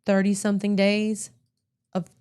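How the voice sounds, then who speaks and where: A woman's voice: medium pitch, completely flat delivery, unhurried, darkish tone, clear, resonant tone. A female co-host giving conversational, pointed commentary on the news. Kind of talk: news commentary talk show.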